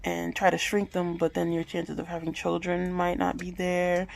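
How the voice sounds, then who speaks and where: A woman's voice: fairly low pitch, monotone, moderate pace, vocal fry, rough recording. A woman in her late twenties talking candidly and emotionally to her phone camera at home, swearing freely. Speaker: vlogger. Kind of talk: personal talk to camera. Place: at home indoors.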